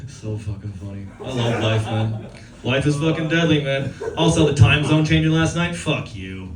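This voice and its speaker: A man doing a raucous stand-up set, manic and swearing, shouting his punchlines. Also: medium pitch, lively intonation, moderate pace, distant mic. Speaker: stand-up comedian. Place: live comedy venue with audience. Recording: echoey venue, mic heard from afar, crowd laughter.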